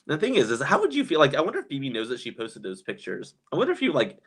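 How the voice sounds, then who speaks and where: Guy gossiping on a live stream, laughs a lot, reads the chat out loud. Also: mid-range voice, huge pitch swings, racing, breathy edge. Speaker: commentary YouTuber reading live chat.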